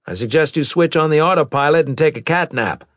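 A man's voice: fairly high pitch, a little fast, fairly bright tone, no echo, clean studio sound, pitched above the performer's own voice, lightly acted. A man voicing a stern male starship captain who gives clipped, dismissive orders. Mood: curt.

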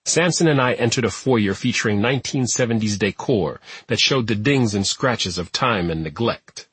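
A man reading an audiobook narration in a steady, even manner. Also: on the low side, moderate pace, husky, dry recording. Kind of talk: scripted narration.

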